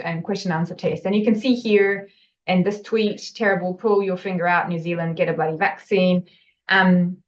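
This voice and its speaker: A woman researcher presents her linguistics work in a recorded talk. She speaks in a measured way at a middle pitch and often pauses on um and uh. The audio is slightly dull and lo-fi. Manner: measured, with frequent um and uh fillers.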